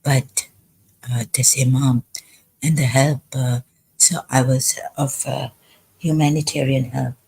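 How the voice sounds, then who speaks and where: A woman talking in a rambling livestream monologue, hesitant and halting, pausing often. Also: a bass voice, fairly even intonation, warm tone. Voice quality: husky. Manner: halting, hesitant, full of pauses. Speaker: live streamer.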